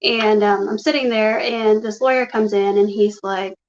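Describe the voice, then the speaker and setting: A woman's voice: mid-range voice, fairly even intonation, normal speed. A woman guest telling her personal story in a rambling way, retelling conversations with "he's like" and "I'm like". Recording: dull, muffled lo-fi audio.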